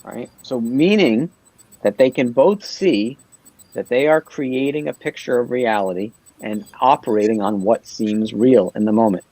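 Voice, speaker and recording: Man, mid pitch, earnest explainer, tags lines with "right?", dry close sound, video call. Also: measured pace, dark tone, dry recording, low-quality recording. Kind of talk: livestream panel talk.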